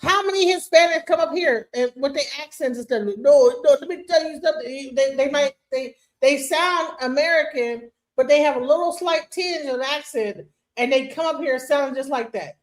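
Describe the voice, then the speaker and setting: Picture a woman with a high voice hosting a live stream. She talks in casual slang and leans hard on her points, breaking into quick laughs. Her tone stays loose and conversational throughout. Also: rough recording. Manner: emphatic, slangy, laughing asides. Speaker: stream host.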